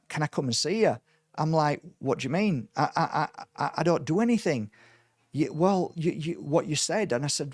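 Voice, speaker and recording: A man, a spiritual teacher, telling a personal story in a casual way and acting out the quoted dialogue with lively energy. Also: on the high side, no echo. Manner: animated, acts out quoted dialogue.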